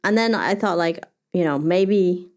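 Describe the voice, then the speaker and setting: Woman solo podcast host: low, smooth, loose and chatty, thinks out loud. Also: a little slow. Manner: thinks aloud with many fillers and restarts. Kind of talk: reflective solo podcast monologue.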